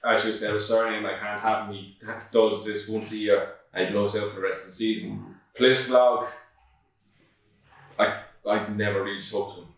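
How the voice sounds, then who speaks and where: Male host, low voice, blunt and emphatic, distant mic in a very echoey room. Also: flat delivery, normal speed. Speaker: podcast host. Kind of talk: casual chat.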